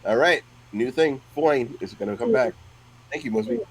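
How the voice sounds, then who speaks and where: A man's voice: on the high side, very animated, moderate pace, gravelly, husky, rough recording. A man co-hosting a podcast in casual chat, jokey and leading the topics. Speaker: podcast co-host.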